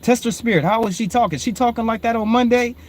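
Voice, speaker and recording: A man, hosting and preaching informally on proverbs, repeatedly calling listeners "family", swinging between low murmured reading and loud emphatic preaching. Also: quick pace. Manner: repetitive, calls listeners "family". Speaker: host.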